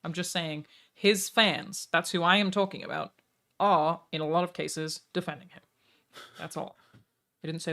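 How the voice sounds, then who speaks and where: A woman's voice: lowish voice, moderate pace, a bit bright. A woman streamer in casual chat, blunt and exasperated, swearing freely.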